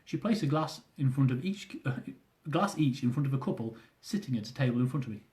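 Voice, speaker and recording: Mellow man reading his own memoir. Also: medium pitch, animated, fast talker. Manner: dry, self-mocking humour. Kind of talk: reading aloud from a travel memoir.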